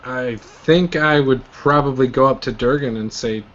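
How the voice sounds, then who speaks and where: A man playing a tabletop game, describing his character's actions in a relaxed, conversational way. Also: medium pitch, moderate pace, highs cut off. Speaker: player.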